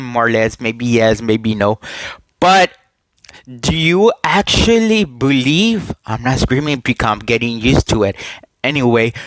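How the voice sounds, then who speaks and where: A man speaks into a headset mic in a casual home vlog, at a slow, unhurried pace. He talks in halting bursts, repeats words and throws questions at his viewers. The sound is dry and close. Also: mid-range voice, a bit bright, no echo, low-quality recording. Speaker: YouTuber giving wrestling predictions.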